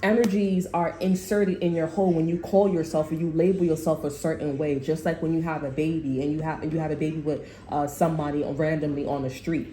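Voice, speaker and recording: A woman's voice: low voice, steady tone, a little fast, few pauses, dark tone, slight background noise. A woman tarot reader in a casual, rambling spiritual monologue, blunt and full of swearing. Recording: echoey room.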